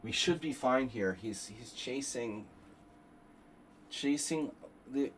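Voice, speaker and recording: Slow and medium-pitched, a man works through chess moves aloud while streaming a simul, bantering with chat in a dry, roundabout way. The audio is poor, with slight background noise.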